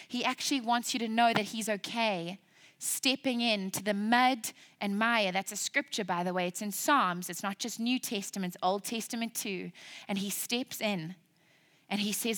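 A woman preaching a sermon to a congregation in an emphatic, animated storytelling manner. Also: fairly high pitch.

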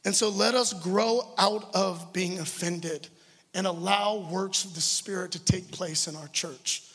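A man's voice: high-pitched, fairly even intonation, measured pace, a bit bright, breathy edge. A man, a pastor, preaching a sermon in a church in an earnest, conversational way, often stumbling over his words. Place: church hall. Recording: long hall reverb with music.

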